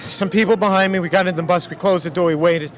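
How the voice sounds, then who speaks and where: Eyewitness guy, pretty high voice, short choppy sentences, bit of street noise. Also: fairly even intonation, fast. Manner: clipped, terse sentences. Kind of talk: news interview.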